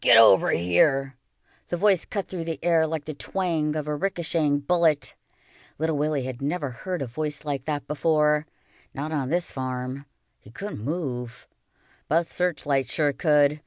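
Lady reading a kids novel aloud, low smooth voice, slow and expressive. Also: dry recording, studio quality. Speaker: reader.

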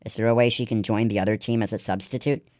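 A man reading the lines of a gentle, thoughtful girl in a storybook. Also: fairly low pitch, fairly even intonation, quick pace, no echo, studio quality, lightly acted.

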